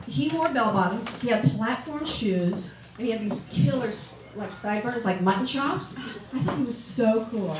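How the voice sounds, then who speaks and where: A woman's voice: a little high, animated, moderate pace, background noise. Chatty middle-aged woman doing stand-up. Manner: chatty, self-mocking, asks the audience questions. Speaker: stand-up comedian. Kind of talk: stand-up comedy set. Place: comedy club stage with audience. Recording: echoey club, distant mic, loud audience. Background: audience laughing.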